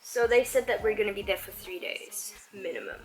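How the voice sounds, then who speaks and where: A woman's voice: mid-range voice, fairly quick, low-quality recording. A woman in her twenties, telling a story vlog-style while getting ready, with plenty of "like" as she chats. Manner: animated storyteller, heavy use of "like". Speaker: vlogger. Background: background music.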